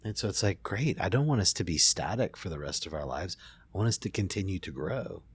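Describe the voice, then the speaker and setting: A middle-aged man, a therapist, telling a family story in a relaxed conversation, reflective and full of restarts. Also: deep voice, a little fast, slightly rough, no echo. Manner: reflective, many restarts and fillers. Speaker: therapist and podcast host.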